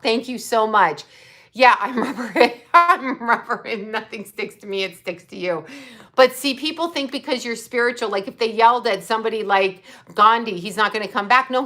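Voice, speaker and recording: With a sharp tone pitched on the high side, an older woman hosts a psychic livestream. She responds to viewers bluntly and profanely while thanking them for super chats.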